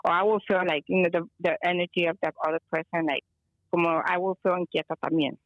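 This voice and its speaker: A woman's voice: fairly low pitch, steady tone, fast talker, no echo, lo-fi sound. A woman from Chicago, a guest calling in, telling a rambling story and slipping Spanish phrases into her talk. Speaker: guest, energy healer. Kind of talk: casual phone-in chat. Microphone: phone call.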